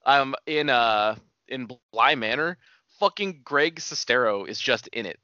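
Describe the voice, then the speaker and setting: Bright, animated man in casual chat. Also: medium pitch, measured pace, no echo, lo-fi sound. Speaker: podcast co-host.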